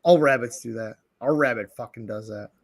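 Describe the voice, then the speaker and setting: A man co-hosting a crude, casual podcast, throwing in quick one-liners and laughing a lot. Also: medium pitch, creaky. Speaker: podcast co-host.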